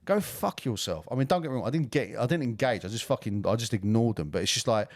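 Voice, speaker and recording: A man's voice: medium pitch, quick pace, no room sound, studio quality. A man co-hosting a podcast, ranting and swearing in casual chat. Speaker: podcast co-host.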